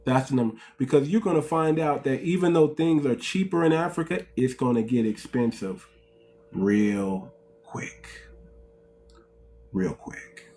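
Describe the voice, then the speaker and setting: A man's voice: on the high side, fairly quick, hardly any pauses, warm tone, a little hiss or hum. A man hosting a casual livestream, preaching to viewers, calling them "family" and asking rhetorical questions. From United States. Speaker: livestream host.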